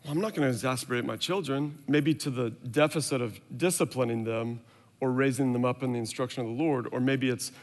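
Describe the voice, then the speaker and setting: A man's voice: mid-range voice, brisk, in a large hall. A man in his thirties preaching a sermon, telling a candid story about his own family and acting out what everyone said. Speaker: pastor.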